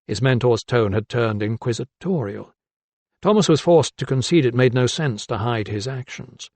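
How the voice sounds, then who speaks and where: A man narrating an audiobook in a calm, even storytelling voice. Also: mid-range voice, normal speed, no echo. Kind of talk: scripted narration.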